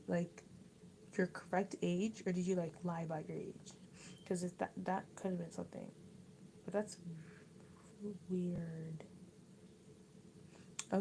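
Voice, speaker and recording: Chatty young woman livestreaming, mellow tone. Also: lowish voice, a little hiss or hum, low-quality recording. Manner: rambling and chatty, with many likes and restarts. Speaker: livestream host. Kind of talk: casual chat reading viewer comments.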